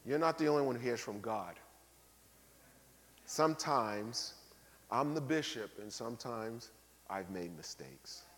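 A man preaching a sermon as bishop, animated, acting out the people he quotes, swinging between loud bursts and quiet asides. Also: mid-range voice, measured pace, long pauses. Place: large church sanctuary. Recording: long reverb of a large hall.

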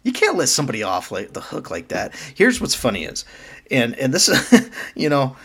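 A man's voice: mid-range voice, wildly swooping pitch, moderate pace, gravelly, a bit bright, breathy edge. A man co-hosting a casual podcast, telling work stories with a joking, laughing manner and casual swearing. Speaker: podcast co-host. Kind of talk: casual chat.

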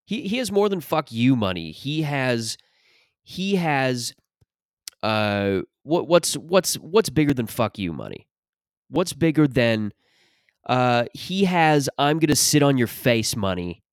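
A man's voice: mid-range voice, big pitch swings, takes it slowly, no room sound, studio quality. A man hosting a podcast, talking in a casual, profane, rambling comic monologue that drifts between topics, a little short of breath. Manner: profane, rambling, restarts often. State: short of breath after an allergic reaction. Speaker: podcast host and stand-up comic.

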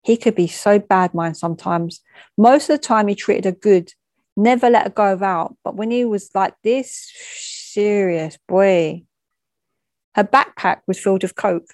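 A woman's voice: medium pitch, no echo. A woman telling a first-hand story in a frank, plain way, with conversational asides and small stumbles.

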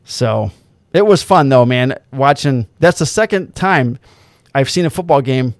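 Animated man telling a story, dry mic. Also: mid-range voice, a little slow, dry recording. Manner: animated storyteller, swears freely, acts out quotes. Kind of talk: casual storytelling chat.

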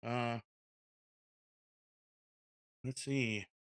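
A young man co-hosting a casual reaction chat, excitable and a bit out of breath, exclaiming and laughing often. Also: medium pitch, drawn-out words, smooth. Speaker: co-host reacting to videos.

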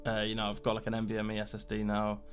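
A man chatting casually as a podcast guest, relaxed and slangy, with some swearing. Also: on the low side, rapid-fire, faint music behind. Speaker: podcast guest, streamer and musician.

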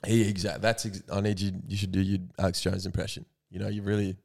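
A young man, chatting as a podcast co-host. His voice sits on the low side, and he teases and laughs his way through loose, sweary banter. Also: level tone, quick pace, creaky, a little mellow. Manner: teasing, laughs often, swears casually. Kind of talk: casual banter.

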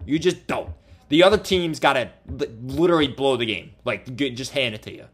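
Young male co-host, mid-pitched voice, excitable self-mocking storyteller. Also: a little fast. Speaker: podcast co-host. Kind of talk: casual storytelling chat.

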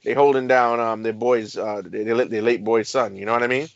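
A man in a casual chat, talking in an animated way, with laid-back slang and lots of fillers. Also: mid-range voice, brisk, vocal fry, no echo. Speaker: podcast co-host. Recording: dry, slightly dull recording.

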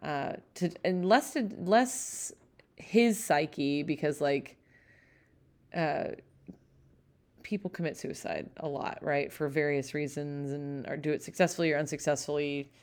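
A woman's voice: low voice, a little slow, darkish tone. A young adult woman co-hosting a casual podcast chat. She talks in a rambling, hedging way, with a lot of fillers. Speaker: podcast co-host.

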